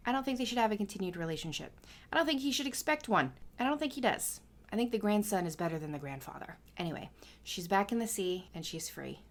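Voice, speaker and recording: A woman casually making up a story as she talks, rambling and musing with lots of hedges. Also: fairly low pitch. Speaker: painting vlogger.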